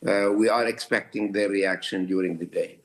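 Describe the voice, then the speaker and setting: Halting low-voiced male minister. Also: fairly even intonation. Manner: halting, many uhs, deliberate. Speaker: government minister. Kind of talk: live news interview.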